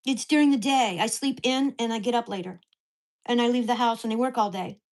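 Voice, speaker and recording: A woman's voice: a little high, fairly quick. A woman telling a heated, profane story about her neighbors in a casual vlog recorded at home. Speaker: vlogger.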